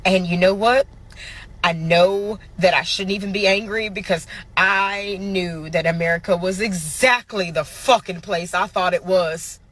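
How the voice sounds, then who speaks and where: A woman's voice: on the low side, unhurried, fairly bright tone. A woman delivering an angry, profane social media rant straight to her followers. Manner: furious, profane, emphatic.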